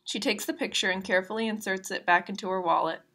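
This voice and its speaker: A woman reading a novel aloud at a steady pace, adding brief asides about the chapters. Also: mid-range voice, fast talker. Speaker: reader of a novel.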